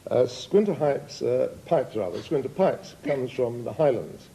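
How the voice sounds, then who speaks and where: A man panel guest rambles through an absurd definition in deadpan. His tone is extremely dark and mellow, at a middle pitch. A faint hiss lies underneath. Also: measured pace, low-quality recording. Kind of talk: bluffing a definition.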